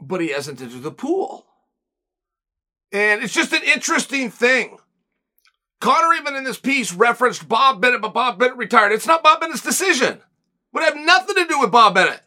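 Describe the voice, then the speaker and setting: His pitch is extremely high, swinging widely, with a sharp tone. As host of his own show, the man is blunt and emphatic, offering opinionated takes and firing one rhetorical question after another.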